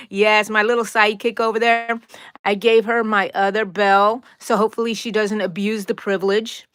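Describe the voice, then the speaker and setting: A woman's voice: mid-range voice, flat delivery, normal speed, a bit bright, smooth, no echo, clean studio sound. A woman hosting a crochet live stream, chatting playfully, laughing often and greeting viewers by name. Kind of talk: casual live-stream chat.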